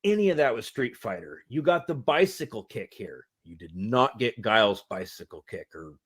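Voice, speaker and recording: A man in his forties co-hosts a casual film review podcast. His pitch rises and falls in lively swings as he talks, and he laughs and swears freely. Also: moderate pace, breathy edge. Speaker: podcast co-host. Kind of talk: casual movie review chat.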